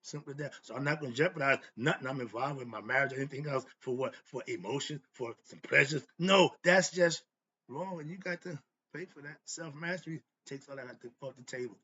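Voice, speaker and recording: Emphatic, preachy man with a bright voice. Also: a little high, lo-fi sound, slight background noise. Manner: emphatic, preachy, asks himself rhetorical questions; casual street slang, laughs often. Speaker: host. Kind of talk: motivational philosophy talk.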